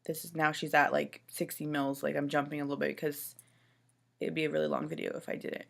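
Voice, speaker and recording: A Canadian woman who is a new mother rambles through an upsetting personal story, sounding upset and exasperated, her talk full of "like" and "you know." Her voice is low-pitched, level, and gravelly, and she speaks fairly quickly.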